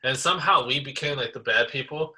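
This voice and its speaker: A man co-hosting a podcast, telling stories in a casual, animated way, full of slang like bro and dude. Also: mid-range voice, brisk, a little hiss or hum. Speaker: podcast co-host. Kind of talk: casual chat.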